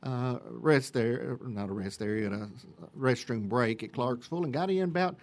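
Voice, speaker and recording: A man, a church senior group leader chatting in a radio interview, folksy and rambling, with many fillers and throat clearing. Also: medium pitch, moderate pace. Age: 50s.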